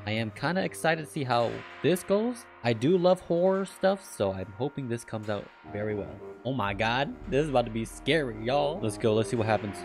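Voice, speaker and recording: A man giving casual, excitable reaction commentary as a video host, swearing freely and laughing often. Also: medium pitch.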